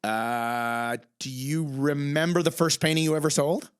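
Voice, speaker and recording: A chatty man hosting a relaxed conversation, talking in long rambling runs. His voice sits a bit high for a man, and he gushes with praise, acting out quick snippets of dialogue as he goes. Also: smooth. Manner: effusive, rambling, acts out quoted voices. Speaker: podcast host. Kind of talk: casual chat.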